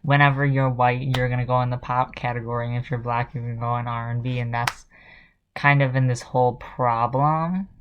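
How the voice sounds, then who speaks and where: A man's voice: mid-range voice, steady tone, fairly quick, dull audio, background noise. A man vlogging casual commentary, sarcastic and exasperated, mocking as he rants.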